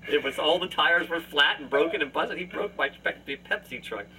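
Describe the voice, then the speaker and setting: A man's voice: fairly high pitch, moderate pace, far from the mic, noisy background. A man hosting his own show from a family home, telling anecdotes with frequent laughter and acted-out voices. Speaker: podcast host and musician. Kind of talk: casual family storytelling. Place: family home, live remote.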